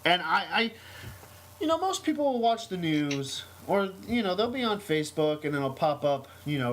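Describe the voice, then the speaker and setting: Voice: medium pitch, sing-song, normal speed, rough recording. A podcast host with a mid-range voice reads a news item aloud, stumbling over ums and uhs, then slips into a loose, chatty story. The delivery is casual and unpolished, with a faint hum of noise behind it. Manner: hesitant, many ums and uhs.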